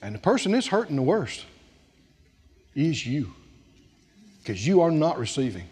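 Brief: man preacher, high and very lively voice, slow and emphatic, dramatic sermon. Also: husky. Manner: dramatic, acts out scripture scenes, emphatic repetition. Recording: long hall reverb.

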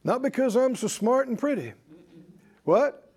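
A man's voice: extremely high pitch, animated, a little slow, a little mellow, slightly rough. A man preaching a sermon to a congregation, emphatic and leading them in call-and-response. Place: church service with congregation.

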